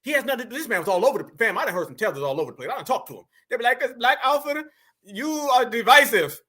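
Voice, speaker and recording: A man giving brash, slangy, mocking reaction commentary, taunting and sometimes bursting into shouts. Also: sits high, sing-song, very fast, slightly rough.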